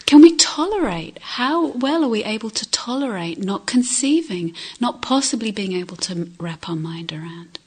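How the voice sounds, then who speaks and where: A woman giving a reflective dharma talk as a meditation teacher, asking questions and often dropping to soft near-whispers. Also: medium pitch, lively intonation, normal speed, hardly any pauses, breathy edge. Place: retreat centre hall.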